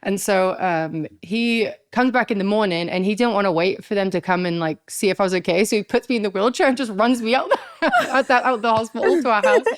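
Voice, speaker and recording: A woman in her thirties telling a story as a podcast guest, animated, swearing freely and acting out what others said. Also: mid-range voice, brisk, hardly any pauses, no echo, studio quality. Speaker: guest, pro wrestler.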